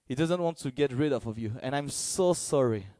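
Male preacher, earnest and halting, dry close sound. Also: medium pitch, dry recording. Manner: halting, searching for words, earnest; gets excited and loud in bursts. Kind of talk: sermon.

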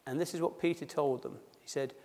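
Male pastor, drops his H's, fairly high voice, sermon, reads scripture then chats it through, long church reverb. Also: steady tone, brisk, creaky, darkish tone. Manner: reads scripture aloud, then explains it conversationally. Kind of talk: sermon at a baptism service.

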